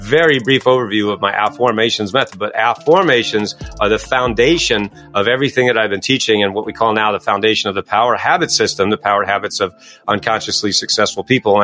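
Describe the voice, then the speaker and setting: A middle-aged man talking as a guest in an interview, coaching and explaining his method in a quick, emphatic way. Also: fairly low pitch. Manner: fast, energetic, emphatic. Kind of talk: interview answers.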